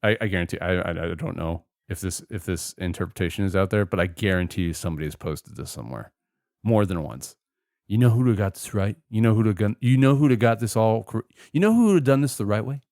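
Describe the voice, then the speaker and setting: A man in casual podcast chat whose pitch swings widely as he riffs with sarcasm. He swears freely and sounds dry and close to the mic. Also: lively intonation, fast, a little mellow, no echo. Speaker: podcast co-host.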